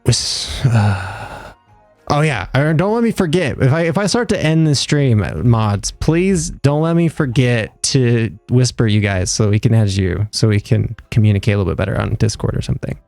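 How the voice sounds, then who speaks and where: Young male streamer, gravelly fry, dry close sound, rambling and joking with chat. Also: mid-range voice, expressive, normal speed, darkish tone, no echo, faint music behind. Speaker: livestreamer. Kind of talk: casual live gameplay chat.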